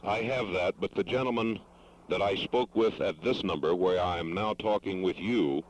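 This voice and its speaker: A man making a formal phone call, choosing his words carefully and pausing with hesitations. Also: low voice. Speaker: caller. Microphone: telephone.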